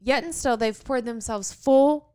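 A woman's voice: on the high side, a little slow, dark tone, clear, resonant tone. A young adult woman co-hosting a podcast, telling a story in casual chat and acting out her own quotes with animation. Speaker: podcast co-host.

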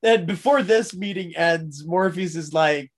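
A man's voice: on the high side, measured pace. A young man in casual podcast chat, rambling through a story with many fillers and frequent laughs.

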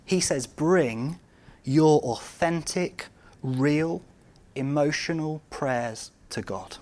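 A man preaches a sermon in a slightly high voice at a very slow pace. He poses rhetorical questions to his congregation and swings between loud outbursts and quiet, intimate moments.

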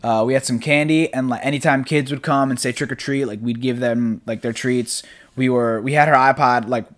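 A man's voice: mid-range voice, steady tone, brisk. A young man hosting a casual solo podcast from his apartment, rambling in a loose, laid-back way, swearing freely and laughing often. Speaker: podcast host. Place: apartment room at home.

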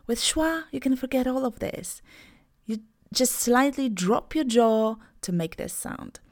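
A young woman, native in Polish, hosts an English pronunciation podcast. She sounds upbeat and encouraging. She models each sound slowly and carefully and breaks words into parts. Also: on the high side, expressive, darkish tone. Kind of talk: podcast lesson.

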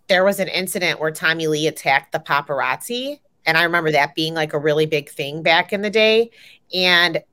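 A young adult woman co-hosting a casual pop culture podcast, an animated storyteller who swears freely and jumps high in pitch when she gets excited. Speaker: podcast co-host.

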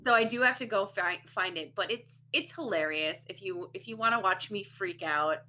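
A woman co-hosting a gaming podcast, chatting casually in an animated way and laughing easily. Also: mid-range voice, normal speed. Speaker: podcast co-host.

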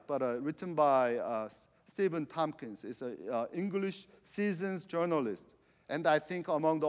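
A man's voice: high-pitched, in a large hall. A man preaching a sermon in conversational style. He leans on "you know" fillers and uses loose, non-standard English grammar. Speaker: pastor.

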